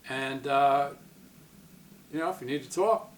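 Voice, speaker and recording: A man's voice: medium pitch, unhurried, a little hiss or hum. A man telling a personal story to camera in a casual, rambling way, often stopping and restarting, with a distant mic in an echoey room. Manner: rambling, self-interrupting, retells quotes in other voices. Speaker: psychic medium vlogger.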